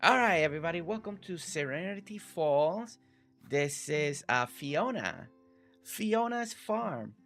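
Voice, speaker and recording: A man's voice: a little high, lively intonation, unhurried, soft background music. A man live-streaming a farming game, chatting casually with his viewers and thanking them by name. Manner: friendly, reads chat aloud, warm thanks to viewers.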